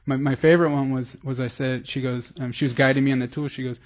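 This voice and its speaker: A man from the San Francisco Bay Area speaks at a recovery meeting, giving personal testimony about his recovery in a rambling, self-deprecating way and restarting often. His voice sits at medium pitch with a level tone, and he talks fast. The recording sounds muffled.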